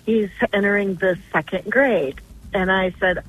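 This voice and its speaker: A woman's voice: medium pitch, measured pace. An older woman calling in to a radio show, telling a long story in an earnest, rambling way. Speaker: caller. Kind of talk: phone-in radio call. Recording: tinny phone line.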